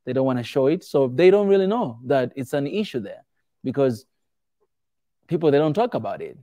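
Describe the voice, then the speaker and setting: A man with a medium-pitched, slightly quick voice tells stories casually to a small crowd and answers audience questions. He's animated and acts out quoted voices; the recording is dry.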